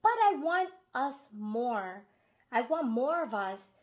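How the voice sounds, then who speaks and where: A woman's voice: a little high, lively intonation, slow. A woman vlogger talking to her viewers in an earnest, emotional way, repeating phrases for emphasis. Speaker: vlogger running her own company. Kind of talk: unscripted personal talk to camera.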